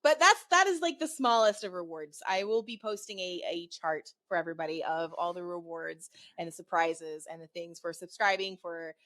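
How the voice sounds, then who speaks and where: A woman's voice: fairly low pitch, expressive, normal speed, few pauses, a bit bright, no room sound. An American woman with a mixed American accent co-hosting a gaming podcast, talking in a rambling, enthusiastic way. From United States. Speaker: podcast co-host. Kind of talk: casual chat.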